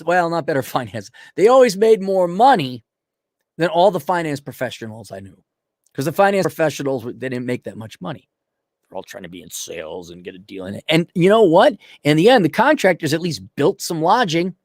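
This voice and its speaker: A man's voice: sits high, a little mellow, dry recording, studio quality. A middle-aged man hosting a ranting commentary, blunt, profane and mocking, with sarcastic put-on voices. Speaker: host.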